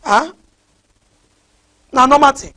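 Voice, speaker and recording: A woman preaching a sermon, animated, mixing in pidgin and often asking the crowd "huh?". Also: high-pitched, slow pace. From West Africa.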